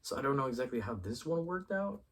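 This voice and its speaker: A man hosting his own review show, chatting casually and excitedly, swearing freely and rambling as he thinks aloud. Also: medium pitch, fast, recorded from a distance. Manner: excitable and profane, acts out characters' lines mid-sentence. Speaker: YouTube show host reviewing a TV episode. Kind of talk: casual spoiler review talk.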